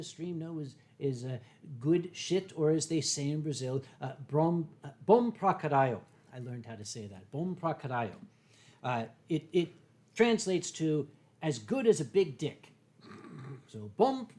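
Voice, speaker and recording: Older man, a bit high-pitched, rambling, joking host of a casual stream. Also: darkish tone. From United States. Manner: rambling, jokey, with many fillers and restarts. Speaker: livestream host. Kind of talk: casual chat while drinking wine.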